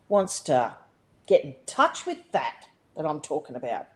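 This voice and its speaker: An Australian woman, middle-aged, telling a personal story as a podcast guest, animated and blunt, swearing freely with many fillers and restarts. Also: sits low, normal speed, a little hiss or hum, rough recording. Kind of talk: casual conversational storytelling.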